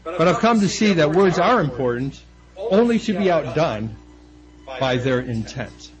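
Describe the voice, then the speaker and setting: A middle-aged man preaching a sermon, animated and playful, lifting his voice high to act out quoted speech. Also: unhurried, poor audio. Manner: animated, acting out quoted voices with rising pitch. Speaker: pastor.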